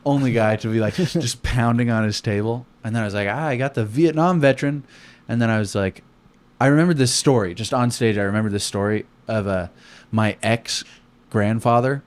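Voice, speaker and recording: Young male comic host, low voice, profane and animated storyteller. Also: a little fast, smooth. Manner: profane, animated, acts out quotes loudly. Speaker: comedian podcast host. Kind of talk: casual storytelling chat.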